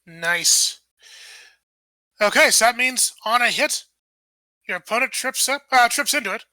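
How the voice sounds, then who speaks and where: Woman game master, bright, halting and thinking aloud, dry sound. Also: a little high, lively intonation, dry recording. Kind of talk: narrating a tabletop game.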